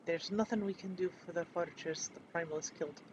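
Grim furbolg quest-giver with a hammy Scottish burr, high-pitched, as a man puts it on, on a dull, noisy track. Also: fairly even intonation, fast, natural voice. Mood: solemn. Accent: put-on Scottish. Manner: reading quest text aloud.

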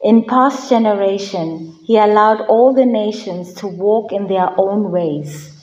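A woman reads scripture aloud as lector during a Mass in a chapel. Her delivery is slow and measured, with a mid-range voice and the odd small slip. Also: medium pitch, darkish tone, lo-fi sound. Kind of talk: liturgical scripture reading.

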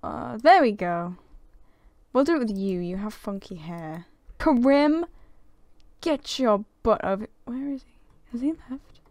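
Young woman, let's-play commentary, high lively voice, unhurried pace, dry close sound, giggly and gasping. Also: no echo. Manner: excitable, giggly, gasping, often exclaims. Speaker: gaming video creator.

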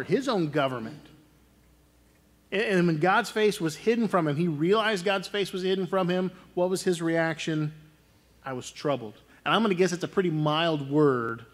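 Earnest conversational preacher, a man. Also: a little high. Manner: earnest, conversational preaching with frequent restarts and "right?". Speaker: pastor. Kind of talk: sermon.

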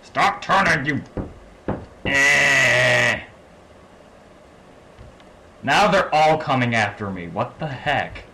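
A man from the American South giving excitable let's-play commentary, swinging between low mumbles and loud laughing outbursts. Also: drawn-out words, pauses often, slight background noise. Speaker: gaming channel host.

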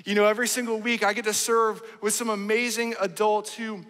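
High-voiced man preaching in a reverberant church. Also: flat delivery, a little fast, fairly bright tone. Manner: emphatic, keeps asking the congregation "right?". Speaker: pastor. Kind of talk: sermon. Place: church sanctuary. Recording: long church hall reverb.

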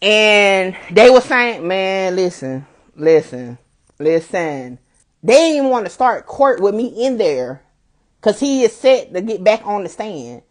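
A woman blogger recounts events in loose, casual talk. She swears freely and doubles back on her own phrases for emphasis. Her voice sits at an ordinary middle pitch. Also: a little slow. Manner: animated, profane, repeats herself for emphasis. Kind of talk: casual livestream storytelling.

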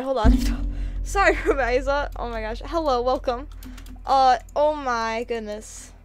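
A woman streaming a game, chatting casually in a bubbly, giggly way while reading chat aloud. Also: on the high side.

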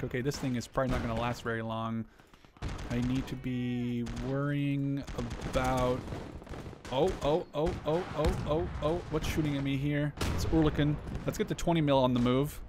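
A man commentating on a strategy game as he plays, chatty and thinking aloud, with quick startled exclamations. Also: medium pitch, background noise. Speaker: gameplay commentator. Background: gunfire and artillery from the game.

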